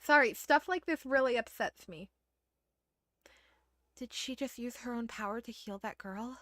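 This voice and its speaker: High, bright-voiced woman gaming streamer. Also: a little slow, dry recording, studio quality. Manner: animated, blunt, swears when upset. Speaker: streamer playing a video game. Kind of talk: casual gameplay commentary.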